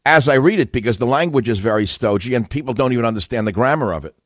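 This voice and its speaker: A man's voice: medium pitch, expressive, fast talker, a bit bright, no echo, studio quality. An older man hosting a call-in radio talk show, opinionated, emphatic and self-assured, combative in his monologues.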